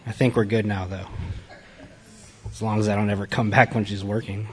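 A man's voice: lowish voice, level tone, a little fast. A man giving a candid personal testimony to a group, blunt, profane and self-mocking. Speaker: recovery speaker addressing a group.

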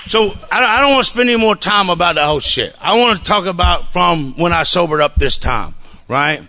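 A man's voice: high voice, lively intonation, a little fast, sharp tone. A man telling his own sobriety story at a recovery gathering, casual and profane, often checking in with "you know what I'm saying.". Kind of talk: recovery meeting testimony.

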